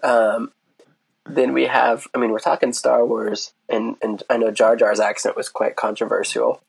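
Gravelly, husky man teasing on a podcast. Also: mid-range voice, little pitch movement, moderate pace. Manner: teasing, mock-serious, laughs often. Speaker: podcast co-host. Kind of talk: casual podcast banter.

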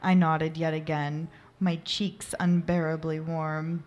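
A woman reads an amateur story aloud, soft and unhurried. Her voice sits a little low and she keeps an easy, relaxed narrating tone. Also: dull audio. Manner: soft, unhurried reading with occasional laughs at slips. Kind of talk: amateur erotic story reading.

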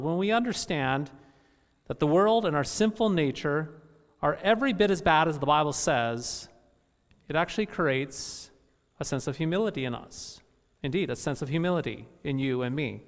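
A man's voice: a little high, long reverb tail. A male pastor preaching a sermon in an emphatic way, often repeating phrases for effect.

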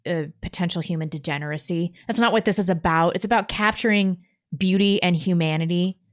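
A woman's voice: lowish voice, brisk. A woman co-hosting a call-in show, blunt and scornful. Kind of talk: casual call-in chat.

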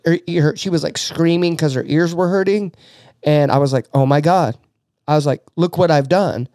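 Brief: middle-aged male podcast host, slightly high voice, dry close sound, earnest and emotional, stumbles and restarts. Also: darkish tone, dry recording. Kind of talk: casual faith talk.

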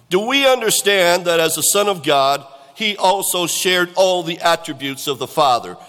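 A man's voice: mid-range voice, a bit bright, big-room sound. A middle-aged male pastor delivering a sermon in a conversational way, asking the congregation questions. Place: church.

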